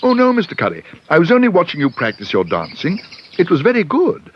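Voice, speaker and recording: A man's voice: fairly high pitch, huge pitch swings, brisk. A man doing a polite, earnest young bear. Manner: polite and apologetic. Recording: dull old TV soundtrack with hiss.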